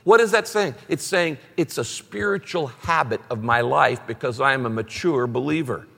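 A middle-aged man preaching a sermon as pastor, animated and emphatic, repeating key words for stress. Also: medium pitch, moderate pace, gravelly, big-room sound.

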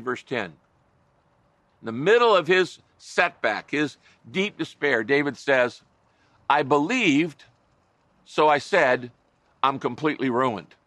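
A man's voice: a little high, pushed and bright, no echo. A middle-aged man preaching a sermon as a pastor, earnest and conversational, with wry asides to his listeners.

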